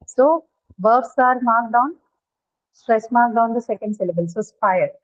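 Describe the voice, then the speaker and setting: A woman's voice: on the high side, a little slow. A woman teaching phonetics in an online class, explaining step by step and quizzing her students. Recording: tinny phone-like call audio.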